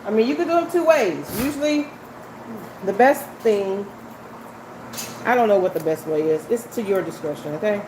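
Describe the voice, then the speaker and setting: A woman's voice: medium pitch, lively intonation, moderate pace, long pauses. A woman hosting a live cooking demonstration from her home kitchen, chatting and giving instructions as she works, recorded on a phone. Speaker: cooking show host. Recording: kitchen vent hum behind.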